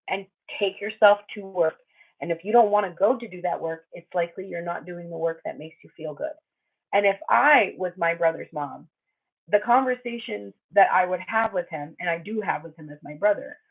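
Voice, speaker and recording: A woman talks through a tarot reading in a candid, chatty way and swears freely. Her voice is a little husky. The sound is thin and tinny, like a phone line. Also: medium pitch. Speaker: tarot reader. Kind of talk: casual spiritual reading.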